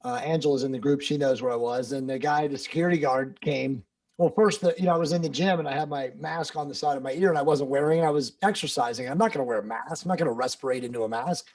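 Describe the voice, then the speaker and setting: A man's voice: mid-range voice, fast talker, darkish tone. A man in casual conversation, telling a story in an emphatic, informal way. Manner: emphatic, informal, with filler words. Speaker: guest in a group discussion.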